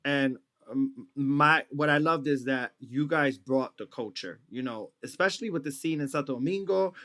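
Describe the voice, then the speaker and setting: A man's voice: medium pitch, normal speed, pushed and bright. A man co-hosting a podcast, chatting enthusiastically and telling stories. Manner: enthusiastic, storytelling. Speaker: podcast co-host. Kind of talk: casual podcast chat.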